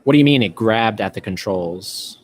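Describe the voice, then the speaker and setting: A man's voice: on the low side, lively intonation, moderate pace. A man hosting a live-stream podcast, chatting casually and reading out viewer comments, with lots of fillers and restarts. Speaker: podcast host.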